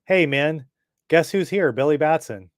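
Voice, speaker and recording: A man voicing an excitable young male army sentry in a comic book reading. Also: on the high side, unhurried, no room sound, clean studio sound. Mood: excited.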